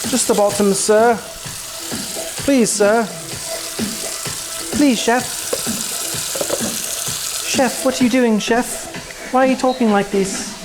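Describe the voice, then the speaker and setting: A man's voice: extremely high pitch, fairly even intonation, slow pace, long pauses, voice pushed up, low-quality recording. A man voicing a whiny male kitchen helper who pleads with the chef in a raised, put-on voice. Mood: whiny pleading.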